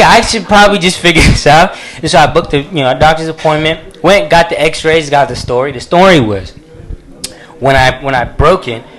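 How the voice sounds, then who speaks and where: A man with a fairly high voice tells a comic story from a small cafe stage. He talks loosely and chattily into a handheld mic, chuckling as he goes. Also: fairly bright tone. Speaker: comedian. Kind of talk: live stand-up storytelling.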